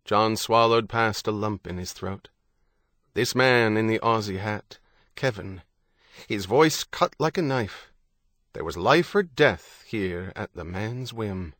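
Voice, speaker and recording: A man narrating a thriller audiobook in a steady, measured way. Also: lowish voice, no echo, clean studio sound. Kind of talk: scripted narration.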